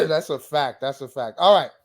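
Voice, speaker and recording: A man with a New York accent in casual podcast chat, his voice sitting a little high. He talks in an easygoing way and keeps his co-host going with quick agreement. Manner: relaxed, agreeable, chimes in with short replies.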